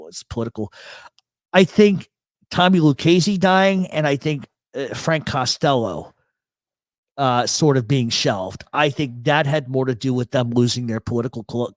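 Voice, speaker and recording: A man's voice: medium pitch, no echo. Blunt, joking New York man hosting. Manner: blunt, joking, swears freely. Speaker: host. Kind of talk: casual livestream chat. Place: home studio. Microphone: expensive studio mic with voice processor.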